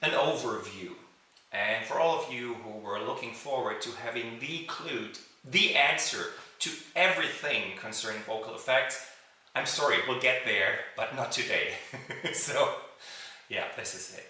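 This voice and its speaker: A man gives a livestream talk as a vocal coach, rambling and restarting his sentences. His voice is very bright and clear in tone. It sounds roomy and echoey, picked up from some distance from the mic. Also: medium pitch. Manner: chatty, halting, with many restarts and fillers. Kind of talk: livestream presentation.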